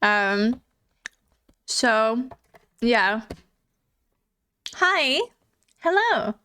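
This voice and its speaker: High-pitched girl streaming, laughs a lot, unhurried chatty talk to chat. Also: big pitch swings, pushed and bright, clear, resonant tone. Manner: giggly, chatty, reads chat aloud. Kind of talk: casual live-stream chat.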